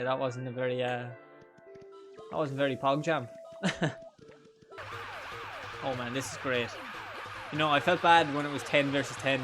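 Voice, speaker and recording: A young man, streaming a game with crude jokes and frequent laughter. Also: mid-range voice. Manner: crude, joking, laughs often. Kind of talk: live gameplay commentary.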